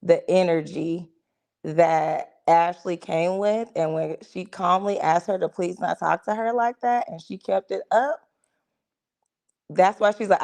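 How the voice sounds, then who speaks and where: A woman with a gravelly, creaky voice speaks as a podcast co-host. She talks things through in a measured, conversational way and sometimes trails off mid-thought. Her pitch sits in an ordinary middle range. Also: a little mellow. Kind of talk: casual reality-show reaction talk.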